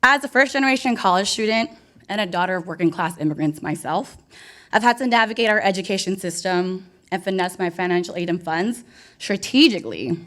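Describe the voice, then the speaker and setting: Brisk and animated, a young woman with a lowish, slightly bright voice hosts a live award ceremony at an event venue. She works the crowd in a bubbly, playful, hyped manner, talking right to them.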